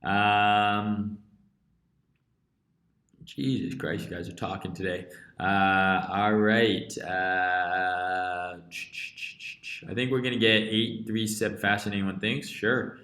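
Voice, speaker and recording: A man's voice: fairly low pitch, steady tone, slow pace, long pauses, pushed and bright, echoey room. Profane, blunt Canadian man streaming. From rural interior British Columbia, Canada. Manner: blunt and profane, heavy swearing. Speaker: crypto trading live streamer. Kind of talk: casual live-stream rant, reading chat.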